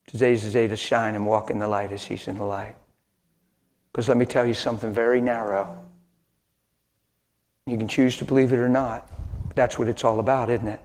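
A man's voice: on the low side, steady tone, moderate pace, pauses often. Man in his sixties preaching, long reverb. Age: 60s. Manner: swings between hushed near-whispers and raised, emphatic lines; folksy, conversational asides. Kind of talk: sermon.

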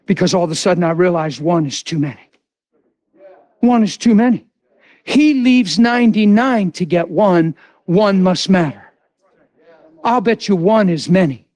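Male preacher, very high voice, fiery delivery, dry sound. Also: moderate pace, pauses often, no room sound. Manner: impassioned, swings from loud to hushed. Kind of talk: sermon.

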